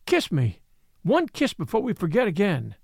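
A man voicing a merry, passionate young woman who cries out excitedly, in an English accent, in an audiobook reading. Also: medium pitch, moderate pace, gravelly, husky, no room sound, clean studio sound, voice pushed up, full character voice.

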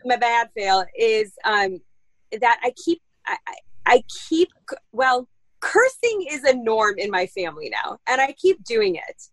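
A woman chatting casually on a podcast as a mom, telling rambling, animated stories with casual cursing. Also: fairly high pitch, a little slow, no room sound, rough recording. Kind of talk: casual chat.

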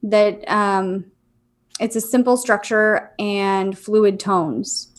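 A woman in casual chat as a psychic medium, talking in a hesitant, musing way with many fillers and pauses. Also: mid-range voice, steady tone.

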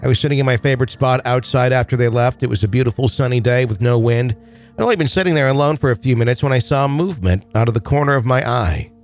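A man hosting a podcast in an easygoing, joking manner. He rambles casually with plenty of ums and uhs, then settles into reading a listener's story aloud at a steady pace. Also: mid-range voice, fast, faint music behind. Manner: relaxed, joking, with many fillers. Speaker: podcast host.

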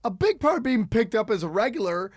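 A man with a high voice chats casually, jumping in to react and add his own thoughts. The sound is dry and close, with no room in it. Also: big pitch swings, fairly quick, no echo. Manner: chatty, reacts and adds comments. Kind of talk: casual chat.

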